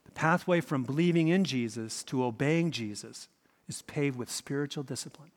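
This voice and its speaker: A man preaching a sermon as pastor, telling the story with expressive, dramatic emphasis. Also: mid-range voice, normal speed. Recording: reverberant hall.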